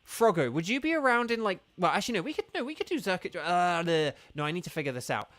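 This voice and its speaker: A man's voice: sits high, sing-song, quick pace, a bit bright, dry recording. A man chatting casually with viewers during a live game stream, rambling and organizing who plays next.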